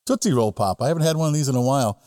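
A man co-hosting a casual podcast chat who jokes loudly and acts out quoted voices. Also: mid-range voice, expressive, racing, no echo, studio quality. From Midwest United States. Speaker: podcast co-host.

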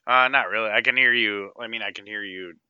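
A man's voice: on the low side, steady tone, fast talker, smooth, no echo. A man co-hosting a podcast, guessing films in a playful way and swearing casually. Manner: playful, swears, laughs easily. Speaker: podcast co-host. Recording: dull, lo-fi dry podcast audio.

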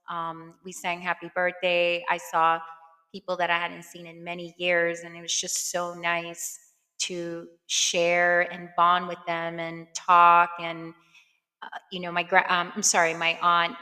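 A woman in her thirties talks casually on her podcast, full of fillers and openly emotional. Her voice sits low for a woman but sounds bright and forward. A long reverb trails behind her words. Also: completely flat delivery, unhurried. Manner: chatty and warm-hearted, many fillers, emotional at times. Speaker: podcast host. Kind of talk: casual personal chat.

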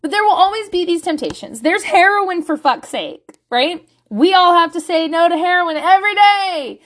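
Lady in her 30s venting on a vlog, cussing a lot, high voice that jumps up when she laughs. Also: moderate pace. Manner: profane, animated, swings to loud and high when laughing. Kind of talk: candid storytelling monologue.

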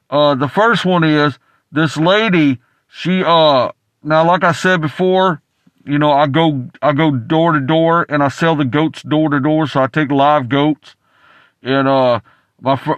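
A man on a call-in show, telling a story with many stumbles and "uh"s. His voice is fairly high for a man, and the sound is dry and close. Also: no echo. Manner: rambling, stumbling, many restarts and fillers. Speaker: caller. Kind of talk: rambling anecdote.

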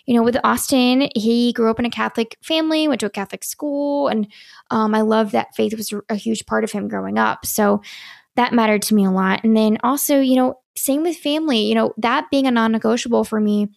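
Emphatic young woman with a gravelly edge. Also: a little high, fairly quick, dry recording, clean studio sound. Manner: emphatic, repeats points for stress. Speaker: dating advice host. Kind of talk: casual advice monologue.

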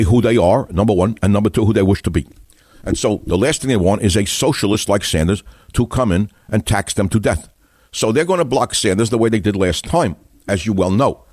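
An older man hosting a talk radio show, ranting combatively about politics and telling stories, with his voice often jumping up high. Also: a little mellow, no echo, clean studio sound. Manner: combative, ranting, storytelling with sudden rises in pitch.

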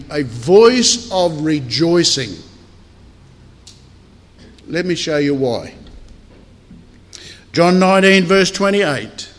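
Man, pastor, sermon, high voice, unhurried, earnest, long reverb of a hall. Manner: measured, earnest preaching with deliberate pauses. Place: church hall.

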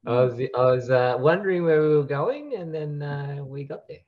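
A man co-hosting a podcast, laid-back and quick to laugh. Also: a little high, lively intonation. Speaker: podcast co-host. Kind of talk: casual podcast banter. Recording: dull lo-fi audio.

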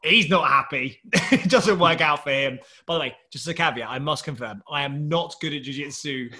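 Animated man telling a story. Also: on the high side, moderate pace. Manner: animated storyteller who laughs often and does voices. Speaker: startup founder. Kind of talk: anecdote in podcast chat.

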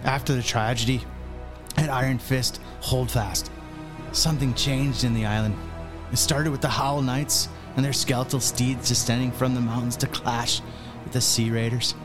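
Gruff Irish dwarf warrior, man performing, tabletop podcast, music bed. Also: mid-range voice, fairly even intonation, normal speed, close to an everyday voice. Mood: grim. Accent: Irish, put on. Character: gruff battle-worn male dwarf warrior. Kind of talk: tabletop game character monologue.

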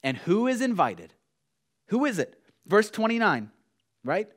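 Man, pastor, sermon, slightly high voice, emphatic, hushed lows, repeated phrases. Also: very animated, measured pace. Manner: emphatic, swings from hushed lows to raised exhortation.

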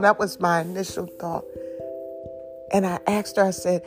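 A middle-aged woman sharing an emotional personal testimony, halting at times with soft laughs. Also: medium pitch, fairly even intonation. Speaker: speaker giving testimony. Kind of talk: slow, heartfelt personal testimony. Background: faint instrumental music.

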